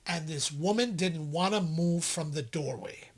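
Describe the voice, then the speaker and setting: A man's voice: on the high side, unhurried, slightly rough. A man co-hosting a casual podcast, telling stories animatedly and acting out the people in them. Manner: animated storyteller, acts out quotes loudly. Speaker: podcast co-host. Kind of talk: casual chat.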